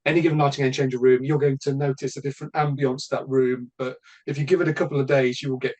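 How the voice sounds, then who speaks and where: A man's voice: medium pitch, little pitch movement, very fast, a little mellow. A man from Britain talking casually as a podcast host, bluntly and with frequent swearing and restarts.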